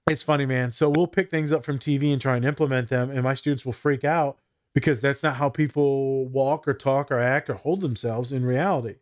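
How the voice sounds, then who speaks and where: A man's voice: medium pitch, fairly even intonation, fairly quick, darkish tone, dry recording. A man, a teacher, chatting casually on a podcast, laid-back and swearing freely. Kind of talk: casual chat.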